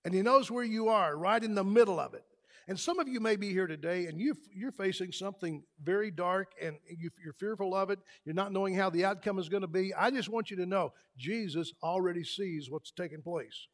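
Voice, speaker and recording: A man preaching a sermon in a church, building to loud emphatic peaks. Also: sits high, fairly quick. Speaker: pastor. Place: church sanctuary.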